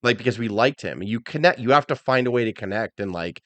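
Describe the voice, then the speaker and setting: Middle-aged male podcast co-host, lively storyteller who acts out quotes, dry mic. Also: medium pitch, fast, no echo. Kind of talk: casual wrestling chat.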